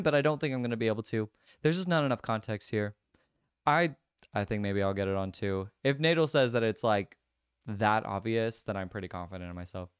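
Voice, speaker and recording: A man's voice: mid-range voice, clean tone, no echo, clean studio sound. A young man livestreaming a music quiz, chatting casually, laughing often and answering viewers by name. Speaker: livestreamer and singer.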